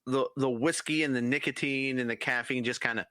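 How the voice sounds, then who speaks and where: A man's voice: medium pitch, fairly even intonation, fairly quick, sharp tone, no room sound. A man co-hosting a casual beer and sports stream who answers with dry, teasing one-liners. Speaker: podcast co-host.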